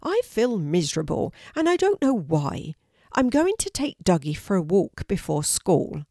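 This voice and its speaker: A woman's voice: fairly low pitch, very animated, a little slow, warm tone, dry recording, clean studio sound, exaggerated voice. An older woman voicing a miserable, cross little girl in a storybook reading. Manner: sulky and cross.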